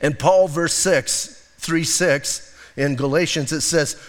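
A man's voice: a little high, slow pace. A male pastor preaching a sermon in a conversational way, teasing his congregation. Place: church sanctuary. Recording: long hall reverb.

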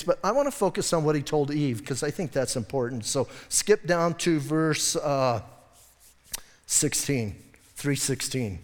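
A middle-aged male pastor preaching a sermon in a church, lively and joking, acting out quoted voices. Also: fairly high pitch, moderate pace. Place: church sanctuary. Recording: long church reverb.

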